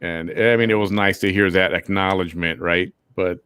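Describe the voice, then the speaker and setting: A man's voice: sits low, fairly even intonation, moderate pace, a bit bright, smooth, no echo, studio quality. A man hosting a casual podcast, talking in an easygoing, earnest way. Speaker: host.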